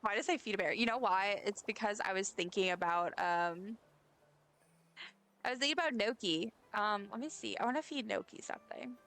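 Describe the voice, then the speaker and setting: A woman's voice: medium pitch, a little fast, a bit bright. A woman streamer chatting casually while playing a game, giggling and talking to the characters on screen. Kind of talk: casual gameplay chat.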